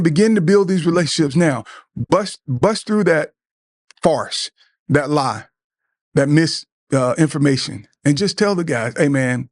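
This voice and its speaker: A middle-aged man with a slightly high voice gives an earnest talk to other men, urging them to open up. He talks like a preacher, repeats words and stumbles over them, and slips into the voices of friends he quotes. The sound is close and dry. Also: dry recording. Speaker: podcast host.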